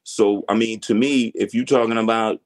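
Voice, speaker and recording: A man's voice: on the low side, steady tone, moderate pace. A middle-aged man speaking as a guest in a casual interview, laid-back and frank with slangy talk.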